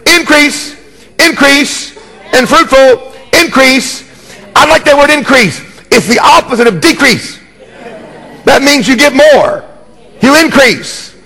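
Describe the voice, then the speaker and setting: A man's voice: very high-pitched, vocal fry, pushed and bright, big-room sound. A man preaching a sermon as pastor, emphatic and jokey, repeating key words and calling for responses.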